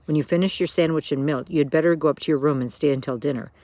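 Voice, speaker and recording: A woman's voice: low voice, racing, mellow, no room sound, close to an everyday voice. A woman voicing a worried, proper mother in a storybook reading, earnest and fretful. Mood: stern.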